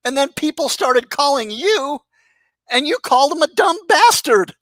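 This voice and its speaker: A man's voice: very high voice, lively intonation, normal speed, a bit bright, dry recording. A man ranting in a mocking, sarcastic roast full of swearing, aimed at another online personality. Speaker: commentary YouTuber. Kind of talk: profane roast rant.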